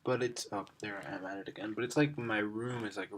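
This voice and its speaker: Stuffy-nosed teen guy rambling, low voice. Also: steady tone, fairly quick, slight background noise. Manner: rambling, self-mocking, swears a lot, keeps losing his thread. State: stuffy nose. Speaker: vlogger. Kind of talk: rambling storytime monologue. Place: cold bedroom at home. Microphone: built-in computer microphone.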